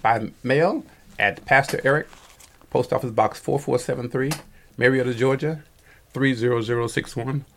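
A man preaching a Bible-study sermon as pastor, with a halting delivery full of fillers and self-corrections, growing earnest when he urges his listeners on. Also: mid-range voice, gravelly, a bit bright. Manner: earnest, rising emphasis on exhortations.

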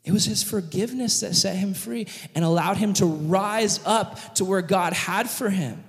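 Man preacher, high voice, animated storyteller, big hall reverb. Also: moderate pace. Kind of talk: sermon storytelling. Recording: long reverb of a large hall.

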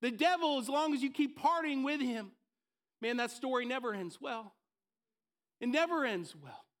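Energetic high-voiced male preacher. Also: normal speed. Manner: energetic, conversational, acts out voices. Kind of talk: sermon.

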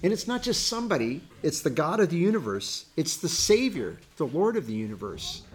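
A man's voice: on the high side, very animated, brisk, background noise. A middle-aged man teaching a Bible study in an earnest, folksy way, with storytelling asides to his class.

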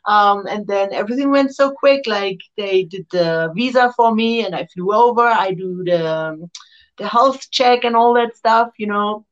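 A woman wrestler, not her first tongue, tells her story with lively energy, jumping up in pitch whenever she acts out what someone said. Her voice sits at an ordinary middle pitch. The audio is somewhat dull and lo-fi. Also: normal speed. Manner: excitable, acts out quotes with big jumps in pitch. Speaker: wrestler, interview guest. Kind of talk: animated storytelling in an interview.

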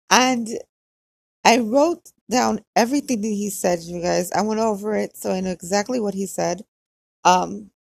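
Chatty woman with a gravelly Hawaiian lilt. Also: mid-range voice, a little mellow, no echo. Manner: chatty, confiding, quotes others. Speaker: podcast host. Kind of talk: casual diary-style chat.

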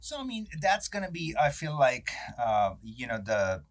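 A man in his thirties, a guest chatting casually in an interview, telling animated stories full of fillers and acted-out quotes. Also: fairly high pitch, moderate pace. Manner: animated storyteller, acts out quotes, many fillers.

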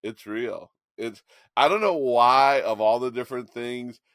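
A man co-hosting a podcast, chatting casually about politics and telling an animated story with frequent restarts. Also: mid-range voice, moderate pace, no echo, clean studio sound. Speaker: podcast co-host.

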